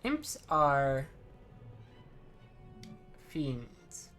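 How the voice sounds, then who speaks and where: A streamer giving relaxed, chatty commentary while playing, muttering asides. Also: mid-range voice, extremely slow, faint music behind. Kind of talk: casual gameplay commentary.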